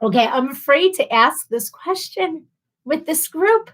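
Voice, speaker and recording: A woman's voice: high voice, expressive, a little slow, a little hiss or hum. A woman hosting a casual live stream, laughing a lot and a little tipsy from wine as she reads out viewer comments. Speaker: livestream host.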